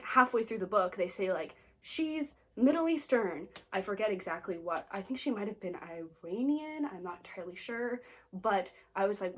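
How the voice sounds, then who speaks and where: Brief: American woman, book vlogger, chatty and snarky, mid-pitched voice. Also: slightly rough. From United States. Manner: chatty, lots of "like" fillers, playfully snarky. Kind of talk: casual reading wrap-up chat.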